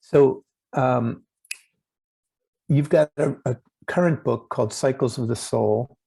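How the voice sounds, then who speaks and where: A man hosting a relaxed interview over a video call, his voice gravelly and husky with a dark, mellow tone. He talks haltingly, stopping to restart his sentences. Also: mid-range voice, rough recording. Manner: halting, with many restarts and fillers. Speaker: host. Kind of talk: casual interview chat.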